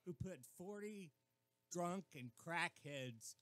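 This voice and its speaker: A man's voice: high-pitched, animated, slow pace, a bit bright, no echo. A man in casual radio banter, chatting and telling candid anecdotes.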